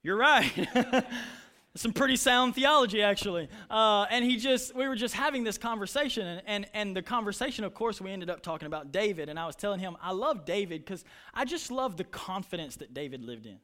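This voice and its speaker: High-voiced impassioned pastor. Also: male voice, expressive, brisk, sharp tone. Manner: impassioned preaching, retelling stories with voices. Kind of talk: sermon.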